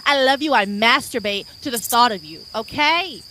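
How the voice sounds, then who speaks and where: A woman's voice: fairly high pitch, lively intonation, moderate pace, background noise. A young woman hosting her own podcast, rambling casually in a brash, profane, unfiltered way. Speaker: podcast host. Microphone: desk mic on a video stream.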